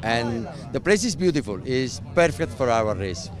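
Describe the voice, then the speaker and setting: An older man, a race official, answering interview questions in halting English while searching for words. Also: medium pitch, sing-song, a crowd in the background.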